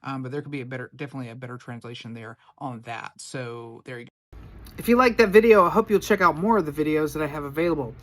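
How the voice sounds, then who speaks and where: A woman's voice: sits low, fast, no room sound, studio quality. A woman preacher giving a casual Bible lesson to camera, chatty and playful, with slangy asides. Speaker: preacher teaching Bible study.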